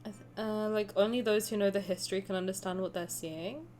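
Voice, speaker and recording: A young woman streaming a game reaction, excitable and gushing, laughing and swearing. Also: medium pitch, a little fast, slight background noise.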